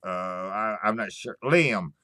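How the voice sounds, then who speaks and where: A man hosting a livestream, chatting casually with viewers in a halting, stammering way, swearing often and sighing between thoughts. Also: on the high side, lively intonation, bright, forceful tone, smooth, no echo, studio quality. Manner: slow, sighing storytelling. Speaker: livestream host answering chat. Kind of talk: casual rambling chat.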